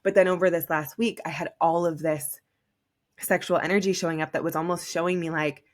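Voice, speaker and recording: A woman's voice: fairly low pitch, steady tone, brisk. Chatty young woman telling a story. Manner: chatty, heavy use of "like". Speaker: podcast host. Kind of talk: casual personal storytelling.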